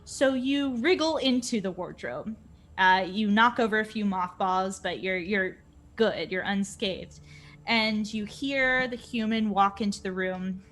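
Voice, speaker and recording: A woman's voice: medium pitch, measured pace, a bit bright. A woman running a tabletop game as game master, describing scenes in a storytelling manner.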